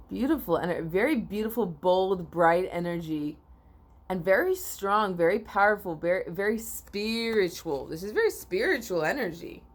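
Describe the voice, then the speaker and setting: A woman giving a spiritual oracle card reading to viewers, sleepy and yawning, rambling with repeats and restarts and often clearing her throat. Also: mid-range voice.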